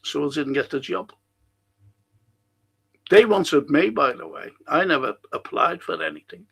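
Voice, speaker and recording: Liverpool man, middle-aged, stream host; slow, blunt, indignant ranting, a bit high-pitched. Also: expressive, gravelly, husky. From England. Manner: blunt, indignant, swears freely. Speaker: host of a live talk stream. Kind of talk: rambling monologue reading viewer comments.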